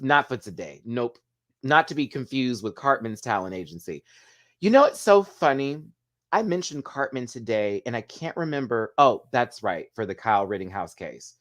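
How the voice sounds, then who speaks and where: A man's voice: mid-range voice, sing-song, normal speed. A man hosting a casual show recap, chatty and gossipy, laughing often as he talks. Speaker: host.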